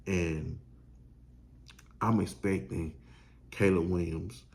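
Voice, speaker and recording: Man, sports host, gravelly low voice, pumped and preachy. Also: fairly even intonation, slow, a little mellow. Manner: hyped, preachy fan talk with slang. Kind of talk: fired-up sports talk.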